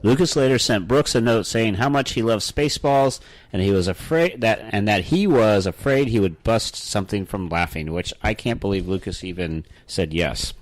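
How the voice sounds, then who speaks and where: A man's voice: lowish voice, moderate pace, dry recording, poor audio. A man co-hosting a podcast, chatting and joking with incredulous asides. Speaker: podcast co-host. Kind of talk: casual chat.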